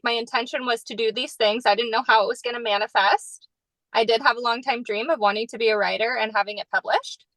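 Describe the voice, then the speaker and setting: A woman co-hosting a podcast, telling a story in casual chat with lots of "like" and lively quoted asides. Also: no echo, poor audio. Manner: animated storyteller, heavy use of "like", jumps high when quoting others. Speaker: podcast co-host.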